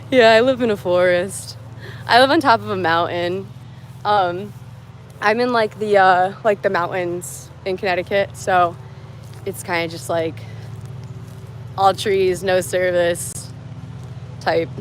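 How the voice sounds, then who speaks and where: With long pauses and a slow pace, a young American woman chats to her livestream audience from her phone outdoors in the wooded mountains, bubbly and rambling as she replies to comments. Her mid-range voice keeps fairly even intonation, and there's a bit of hiss or hum.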